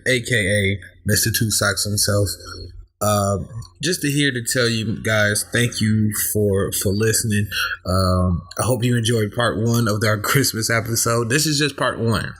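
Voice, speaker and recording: A man's voice: on the low side, fairly even intonation, normal speed, fairly bright tone, husky. A man co-hosting a podcast, talking in a loose, laid-back way with many fillers. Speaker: podcast co-host. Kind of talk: casual podcast chat and outro.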